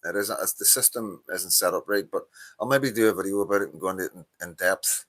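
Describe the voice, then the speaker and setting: A man's voice: deep voice, fast, fairly bright tone. A tired middle-aged man with a Northern Irish accent, hosting a casual live stream and rambling with many fillers as he greets viewers. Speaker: livestream host.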